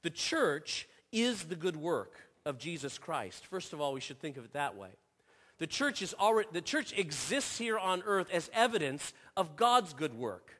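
A man's voice: fairly high pitch, very animated, normal speed, fairly bright tone. A man preaching a sermon as pastor, earnest, often repeating and restarting phrases. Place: church sanctuary. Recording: long reverb of a church hall.

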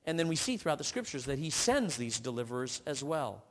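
A man preaching a sermon, reading scripture aloud with frequent restarts, swinging from emphatic peaks down to low, quiet stretches. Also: sing-song, a little fast, big-room sound. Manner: earnest, rising to emphatic peaks and dropping low.

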